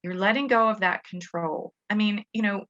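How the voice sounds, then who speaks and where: A woman's voice: mid-range voice, normal speed. Chatty woman educator, lo-fi sound. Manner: chatty, with frequent restarts and fillers. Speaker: Montessori school educator. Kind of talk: parenting talk to parents. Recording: dull lo-fi audio.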